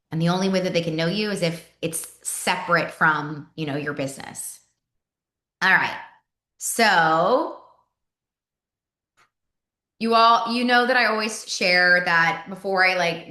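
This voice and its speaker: A woman's voice: fairly low pitch, pushed and bright, roomy sound. A woman giving a casual sales team training talk. She chats and repeats words, and acts out sample messages.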